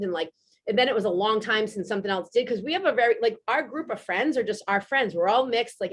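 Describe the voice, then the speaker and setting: A woman, telling a story in casual podcast chat, animated and swearing freely. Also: on the high side. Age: 40s. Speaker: podcast host.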